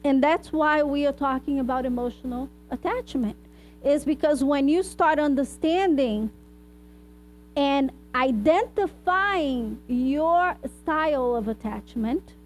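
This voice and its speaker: In the hall of a spiritist society, a woman who works as a therapist gives an informal spiritual talk in a high-pitched, slow voice. She addresses the audience with frequent asides and rhetorical "right?" questions. The audio is poor, with a little hiss or hum.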